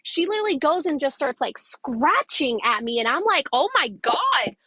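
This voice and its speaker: Young woman doing a storytime, kinda high voice, emphatic, repeats herself a lot, dry sound. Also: sing-song, fairly bright tone, dry recording. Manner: emphatic, fast retelling with repetition and fillers. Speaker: storyteller recounting a confrontation. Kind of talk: casual storytime video.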